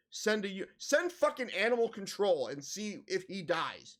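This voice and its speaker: A man reacting to a horror story in comedic commentary, venting exasperation and swearing freely. His voice is notably high for a man. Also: expressive, measured pace, hardly any pauses. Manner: exasperated ranting, heavy swearing. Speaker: reaction video host.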